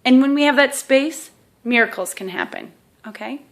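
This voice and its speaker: A woman with a somewhat high voice walks the listener through a self-help exercise. She keeps it casual and chatty, checks in with "okay?" again and again, and pokes fun at herself as she goes. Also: moderate pace, fairly bright tone. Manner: self-deprecating humor.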